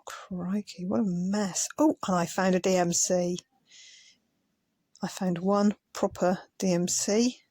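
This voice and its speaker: A woman's voice: on the low side, a little mellow, dry recording. Chatty woman, dry close voice. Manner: chatty, muttering asides while sorting. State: tired, yawning. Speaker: craft vlogger. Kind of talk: casual commentary over sped-up footage.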